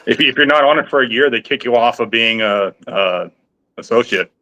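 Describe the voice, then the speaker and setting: A man's voice: mid-range voice, a little fast, pushed and bright, poor audio. A man chatting as a guest on a livestream, rambling and playful with a lot of hesitation. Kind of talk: casual chat on a livestream.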